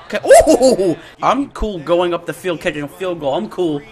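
A young man giving excited, slangy commentary over his own football video game, often shouting and laughing at big plays. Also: sits high, moderate pace. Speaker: gaming YouTuber. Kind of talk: excited live gameplay commentary.

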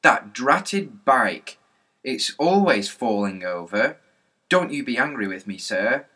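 A man's voice: medium pitch, animated, slow pace, pushed and bright, husky, exaggerated voice. A man reading aloud, voicing a meek, polite telegraph boy who keeps apologizing. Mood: apologetic.

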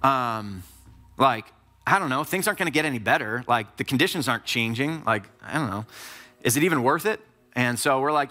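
A man's voice: mid-range voice, expressive, brisk, pushed and bright. A man preaching a sermon, telling a personal story in a casual, conversational way with lots of filler words.

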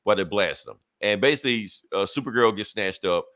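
A man's voice: fairly low pitch, expressive, fast, a bit bright, no echo, studio quality. A man co-hosting a podcast, casually retelling a comic book plot with profane slang and acting out the characters' lines. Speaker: podcast co-host reviewing comics.

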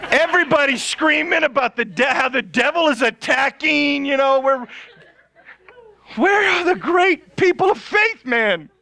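A male pastor telling a funny story in a sermon, animated and laughing often. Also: extremely high pitch, a little slow, creaky.

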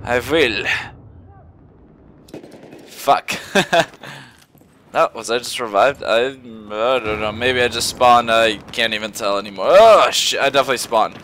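Excitable man narrating his game, bright voice. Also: mid-range voice, normal speed, a little hiss or hum. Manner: excitable, swears and yelps at surprises; mutters quietly to himself between outbursts. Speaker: gamer. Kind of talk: gameplay commentary. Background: faint gunfire from the game.

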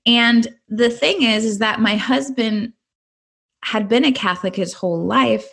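A middle-aged woman from California, a guest on a podcast interview, telling her personal testimony in an earnest, animated way. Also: fairly high pitch, a little slow, gravelly.

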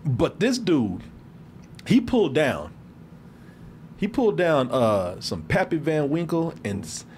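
Lively Texan man telling a story. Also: a little high, takes it slowly, a little hiss or hum. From Texas. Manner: animated, acts out the people in his story. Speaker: show host. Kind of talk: casual storytelling chat.

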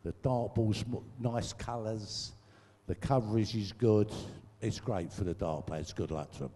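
A man's voice: fairly low pitch, a little slow, mellow. Older man telling bawdy stories in an echoey hall. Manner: earthy, swearing, laughs at his own jokes. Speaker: guest storyteller. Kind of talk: comic stage anecdotes. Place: large venue, live audience show.

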